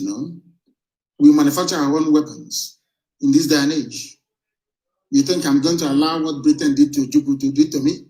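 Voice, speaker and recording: A man's voice: a little high, moderate pace. Fiery man, roomy echo. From southeastern Nigeria. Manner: fiery, defiant and combative. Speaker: movement leader. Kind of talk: broadcast political address.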